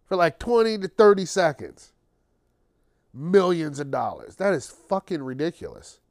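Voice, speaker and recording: A man's voice: fairly high pitch, very animated, moderate pace, a little mellow, dry recording, studio quality. A man hosting his own podcast, ranting casually and sarcastically with plenty of swearing, tired late at night. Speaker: podcast host. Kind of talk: casual solo monologue.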